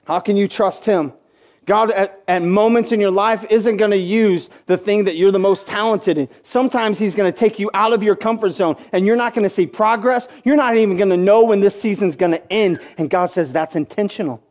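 A man delivers a sermon in a notably high voice. He rises to impassioned, near-shouted urging and drops into low, joking asides, acting out the voices he quotes. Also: brisk. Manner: acts out quoted voices and jokes. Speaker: preacher; school coach.

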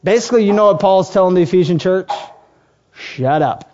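A man's voice: sits high, fairly even intonation, very fast, darkish tone, lo-fi sound, slight background noise. A man preaching as pastor, emphatic and repeating key phrases as he builds his lists. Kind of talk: sermon.

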